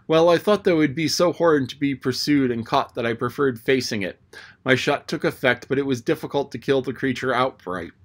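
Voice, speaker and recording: A man voicing a thoughtful, studious boy who speaks in a measured, matter-of-fact way. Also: medium pitch, lightly acted.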